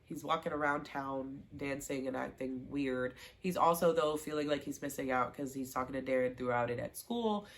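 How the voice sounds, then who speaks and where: A woman recapping a TV season in a casual, animated way, acting out the characters' lines and gushing over favorite scenes. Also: a bass voice, moderate pace, hardly any pauses. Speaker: show recap vlogger.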